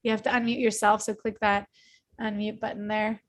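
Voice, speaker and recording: A woman's voice: mid-range voice, little pitch movement, a little fast. A woman hosting a group video call, upbeat and affirming, repeating words as she thinks. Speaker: call host.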